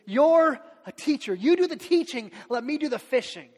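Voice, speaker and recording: Man acting out a headstrong grown fisherman, blunt and protesting, high voice, long echo of a hall. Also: lively intonation, normal speed, darkish tone. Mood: stubborn. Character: impulsive grown male fisherman disciple.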